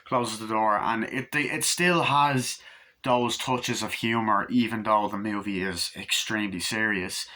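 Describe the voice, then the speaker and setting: A man's voice: lowish voice, fairly even intonation, a little slow, sharp tone. A man talking through a film review in a loose, rambling way, gushing and swearing a lot. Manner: rambling, enthusiastic, heavy swearing. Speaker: movie reviewer. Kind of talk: casual film review monologue.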